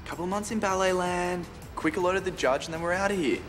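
An actor plays a cocky, carefree young man with an Australian accent. He talks fast and breezily in a slightly high voice over background music. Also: close to an everyday voice. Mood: breezy. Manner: breezy, talkative.

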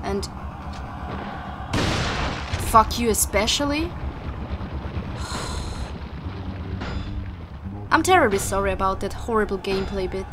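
A woman's voice: medium pitch, animated, moderate pace, long pauses, noisy background. A young woman commentating her video game play casually, frustrated and swearing often at the game. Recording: game music behind the voice.

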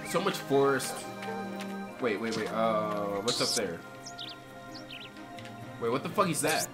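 A young man giving profane, sarcastic gameplay commentary, swinging from muttered gripes into shouting and laughter. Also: medium pitch, lively intonation, slow, over music. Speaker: gaming commentator.

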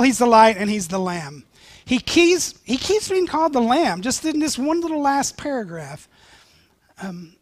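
Pastor, male, higher voice, dry close sound, animated storytelling sermon. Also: no room sound.

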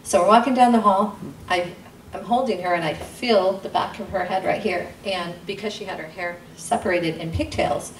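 A woman telling a personal testimony at a church gathering, in an earnest way, acting out the dialogue with sudden jumps in pitch. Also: moderate pace, hardly any pauses. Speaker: guest speaker sharing testimony. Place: intimate church gathering room. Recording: roomy sound from a distant mic, faint noise.

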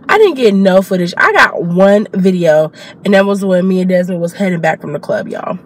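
Young mom vlogger with a cold, chatty, faint background hiss. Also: female voice, on the low side, animated, measured pace. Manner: chatty, addresses viewers as y'all. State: has a cold. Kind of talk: casual vlog chat to camera.

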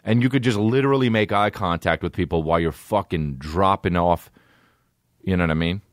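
A man, a podcast host telling stories in a casual, animated way, swearing a lot and acting out voices. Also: low voice, brisk, background noise. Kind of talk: casual storytelling.

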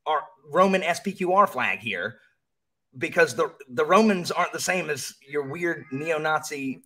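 A man's voice: fairly high pitch, animated, moderate pace, pushed and bright. A man, a podcast guest, chatting casually and animatedly, often jumping into mocking voices.

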